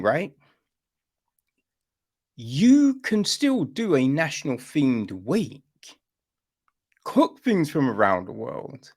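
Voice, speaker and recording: A middle-aged man rants through his podcast commentary. He talks slowly but his pitch swings widely. He is blunt and sweary and keeps tagging on "right?". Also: very animated, a little mellow. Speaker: podcast host.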